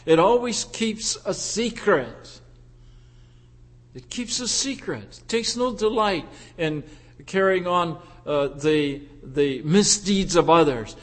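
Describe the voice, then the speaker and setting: High-voiced man preaching earnestly. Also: a bit bright. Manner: earnest, measured preaching with repeated phrases. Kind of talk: sermon.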